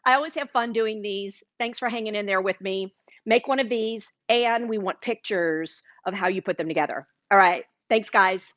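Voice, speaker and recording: A woman's voice: medium pitch, moderate pace, fairly bright tone, dry recording, dull audio. A woman hosting a live cooking demonstration in a kitchen, chatting enthusiastically with her viewers. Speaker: cooking show host. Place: home-style kitchen. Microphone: livestream camera mic.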